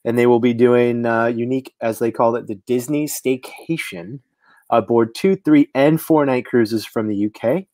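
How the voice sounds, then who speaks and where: A man's voice: medium pitch, fairly even intonation, normal speed, darkish tone, no room sound. A man in his thirties co-hosting a podcast, talking casually and hesitantly, with many filler words. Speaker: podcast co-host. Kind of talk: casual news chat.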